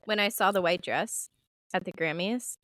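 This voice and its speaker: A woman's voice: lowish voice, moderate pace, no room sound. A young woman co-hosting a casual podcast, telling stories and laughing often. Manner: laughs often, animated storytelling. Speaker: podcast co-host. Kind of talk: casual chat.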